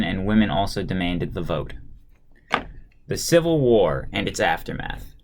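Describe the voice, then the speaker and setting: A man with a fairly low voice reads a history textbook aloud in a plain, steady way. He breaks off now and then for a relaxed aside to the listener, and he sometimes trips over a word and starts it again. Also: vocal fry, slight background noise. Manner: plain steady read-aloud, occasional stumbles and restarts.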